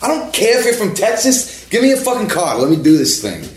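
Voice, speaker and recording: A man voicing a furious gas station attendant who yells profanity in a high, strained voice. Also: very animated, quick pace, echoey room, a little hiss or hum, close to an everyday voice. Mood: furious yelling.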